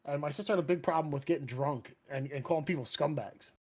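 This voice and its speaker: A man's voice: fairly high pitch, fast talker, darkish tone, slightly rough. A man co-hosting a casual chat podcast, laughing often and swearing as he rambles through stories. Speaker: podcast co-host.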